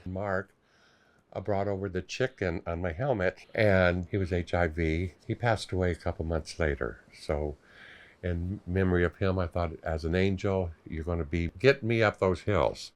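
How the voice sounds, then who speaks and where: An older man telling stories in a documentary interview, playful and animated, acting out his own past thoughts. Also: sits low, normal speed. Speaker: longtime charity ride participant.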